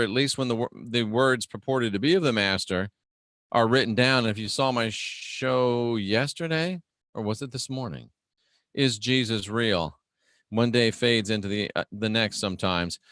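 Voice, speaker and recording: A man hosting a livestream, teaching the Bible conversationally, slowing down and raising his voice for key phrases and greeting viewers. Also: medium pitch, fairly bright tone, no echo, clean studio sound. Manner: conversational and emphatic, slows and raises voice for key phrases; greets viewers and talks to himself while navigating a website. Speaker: livestream host teaching scripture.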